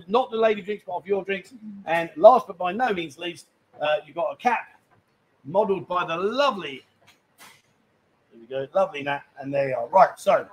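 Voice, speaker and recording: Chatty male host, pitched high, teasing guests between bar-side segments. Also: low-quality recording. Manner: cheeky, bantering, loud asides. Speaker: live stream host. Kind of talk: casual live-stream banter. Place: busy bar.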